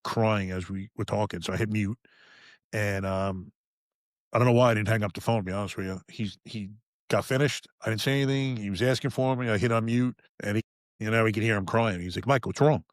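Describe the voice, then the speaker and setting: Frank, low-voiced retired cop in his fifties. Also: no echo, studio quality. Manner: frank and profane, with halting restarts. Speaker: podcast guest, retired police officer. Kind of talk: candid personal storytelling.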